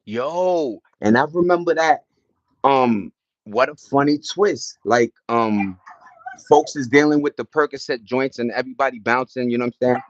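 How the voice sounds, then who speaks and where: A man's voice: medium pitch, moderate pace, no room sound, lo-fi sound. A middle-aged man hosting a livestream, telling loose, slangy stories in casual chat and greeting viewers from the chat between them. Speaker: livestream host.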